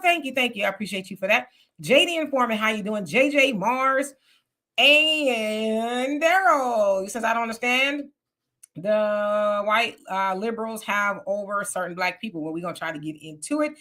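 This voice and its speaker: Woman host, bright and forceful voice, reads out live viewer comments. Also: on the high side, animated, normal speed. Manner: greets viewers by name one after another. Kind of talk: livestream talk show.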